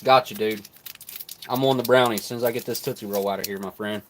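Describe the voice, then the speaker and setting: Male streamer, low voice, relaxed chatty food review, mouth full at times, light background noise. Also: fast talker. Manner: relaxed, chatty, talks while chewing. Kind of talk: live stream food tasting.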